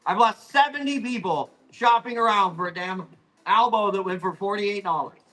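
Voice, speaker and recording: A man hosting a live plant auction, rambling, apologizing and swearing as he hurries through his sales pitch. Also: moderate pace, pushed and bright, faint music behind, poor audio. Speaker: live-stream plant seller. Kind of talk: live auction selling chat.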